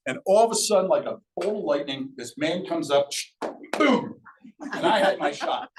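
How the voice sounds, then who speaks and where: Older storyteller man, roomy hall, heard from a distance, middle-pitched voice. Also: fairly quick, background noise. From Sea Isle City, New Jersey. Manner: lively and conversational, acts out quoted voices. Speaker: local speaker sharing memories. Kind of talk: public storytelling talk. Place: event room at a museum talk. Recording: roomy echo, mic far off.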